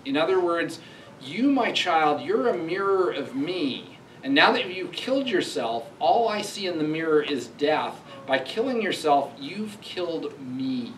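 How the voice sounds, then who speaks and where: A man's voice: fairly high pitch, very animated, measured pace, fairly bright tone, a little hiss or hum. A man giving a conversational university lecture, thinking aloud and reading quoted lines with emphasis. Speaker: professor giving a public lecture. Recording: echoey hall recorded from far off.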